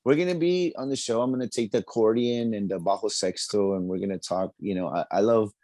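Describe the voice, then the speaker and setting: Low-voiced upbeat man. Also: warm tone, no echo. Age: 40s. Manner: upbeat, laughs often, quick to joke. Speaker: musician guest. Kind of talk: casual interview chat.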